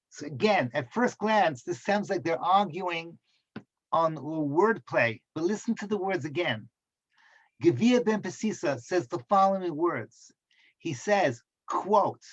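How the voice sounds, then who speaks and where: A man teaching a Torah class as a rabbi, in slow, deliberate, emphatic phrasing. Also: on the high side, lively intonation, muffled recording. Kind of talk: Torah lecture.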